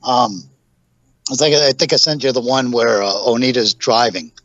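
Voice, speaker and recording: A man's voice: mid-range voice, moderate pace, fairly bright tone. Rambling man telling stories, dull lo-fi audio. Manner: rambling anecdotes full of fillers. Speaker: podcast guest, pro wrestler. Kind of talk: casual storytelling interview.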